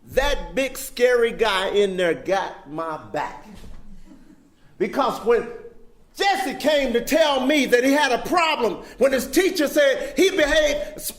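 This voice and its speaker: A man's voice: extremely high pitch, very animated, unhurried, a bit bright. An older man giving an impassioned, preacher-like speech to an audience. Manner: preacher-like call and response. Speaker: keynote speaker. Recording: echoey hall.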